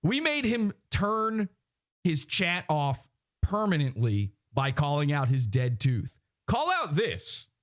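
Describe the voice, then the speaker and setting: A man's voice: fairly high pitch, big pitch swings, slow, a bit bright. A man hosting a livestream podcast, lecturing and mocking in an emphatic ranting way into a broadcast microphone. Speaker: podcast host. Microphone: broadcast microphone with headphones.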